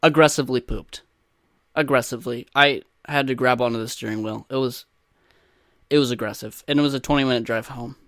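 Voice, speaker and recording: A man's voice: medium pitch, fairly even intonation, a little fast, a bit bright, dry recording, clean studio sound. Profane young man telling crude stories. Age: 20s. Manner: profane, rambling, self-mocking. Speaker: podcast host. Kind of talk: casual crude storytelling monologue.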